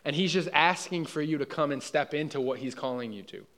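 A man's voice: fairly high pitch, fairly quick, a bit bright. A young man preaching a conversational sermon in a church hall, casual and often checking in with his listeners. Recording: long hall reverb.

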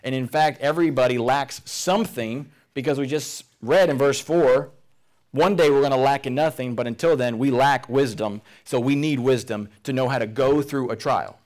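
A man's voice: mid-range voice, normal speed. Earnest man preaching a sermon. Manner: earnest, emphatic, drops to quiet intensity. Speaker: pastor. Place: church service room.

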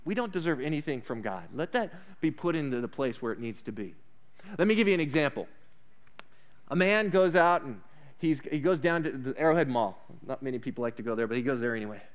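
A man preaching a sermon as a pastor, emphatic, slowing down and rising in pitch on key points. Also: animated, clean tone.

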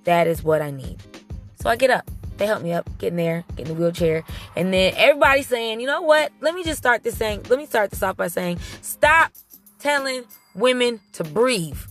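A woman's voice: mid-range voice, fairly quick, faint music behind. A young adult woman telling her viewers a story in a casual, emphatic way, talking straight to them. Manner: emphatic and animated, talks straight to the audience.

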